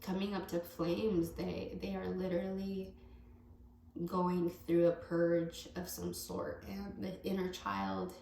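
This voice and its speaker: Slow, gravelly-voiced woman tarot reader. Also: fairly low pitch, little pitch movement, a little mellow. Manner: rambling, self-correcting, affectionate. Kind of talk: casual tarot reading to camera. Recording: echoey room with faint background noise.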